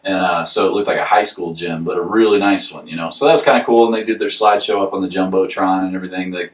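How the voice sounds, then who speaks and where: A man's voice: sits low, steady tone, quick pace. Laughing Southern man telling a story. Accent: Southern American. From Southern United States. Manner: rambling storyteller, laughs often. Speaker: podcast co-host. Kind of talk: casual chat. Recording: roomy echo, far from the mic.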